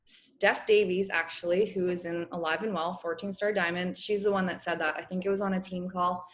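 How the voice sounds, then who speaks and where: A young woman coaching her business team on a casual video call, chatty and encouraging, clearing her throat as her voice wears out. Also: on the low side, steady tone, brisk. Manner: chatty, encouraging, many fillers. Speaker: network marketing coach.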